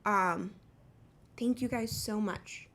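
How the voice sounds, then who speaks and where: A woman's voice: medium pitch, takes it slowly, fairly bright tone. Woman running a livestream, casual chat, blunt, says um a lot, swears. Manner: blunt, swears freely, lots of fillers. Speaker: livestream host.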